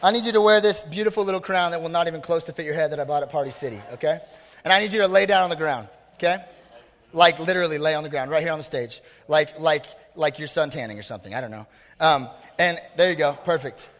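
A man delivers a youth sermon in a casual, slangy and energetic way. His voice sits a little high. The sound carries a long reverb from a large hall. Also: fast. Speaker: youth pastor.

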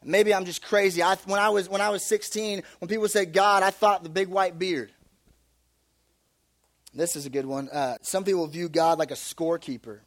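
A young male youth pastor preaching in a loose, conversational way, slipping into quick acted-out voices to make his points. His voice sits high for a man. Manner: casual and animated, acts out little voices. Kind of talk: youth sermon.

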